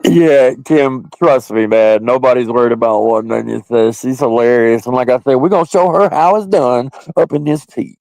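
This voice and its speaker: A man's voice: mid-range voice, moderate pace, few pauses, darkish tone, no room sound. A man hosting a casual livestream, chatting loosely and crudely with viewers and often laughing. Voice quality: gravelly. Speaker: livestream host. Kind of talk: casual live-stream chat with viewers.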